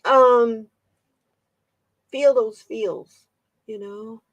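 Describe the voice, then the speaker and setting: Woman, tarot reader, live-stream host, slow unhurried talk, dry close sound, chatty, laughs often. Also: on the high side, fairly even intonation, no echo, highs cut off. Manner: chatty, laughs often, reads viewer comments aloud. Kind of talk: casual live-stream reading, chatting with viewers.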